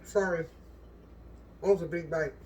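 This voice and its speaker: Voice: medium pitch, steady tone, measured pace, recorded from a distance, a little hiss or hum. A cooking channel host in a home kitchen, gushing and exclaiming as they talk straight to viewers while tasting the food.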